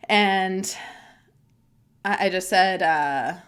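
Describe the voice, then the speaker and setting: In a candid personal podcast, a young adult woman talks extremely slowly in a medium-pitched, fairly bright voice. Close to the mic, she is tearful and emotional, speaking openly in a chatty way with many fillers.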